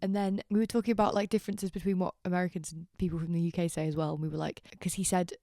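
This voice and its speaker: Young woman with a low, gravelly voice. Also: level tone, very fast, dark tone, no room sound, clean studio sound. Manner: candid, rambling, self-deprecating. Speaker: podcast host. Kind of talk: casual storytelling chat.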